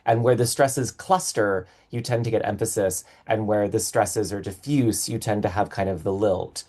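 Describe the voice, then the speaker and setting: A man's voice: lowish voice, normal speed, a little mellow. A man on a podcast, explaining things in a casual, lecturing way with many fillers. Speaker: podcast co-host.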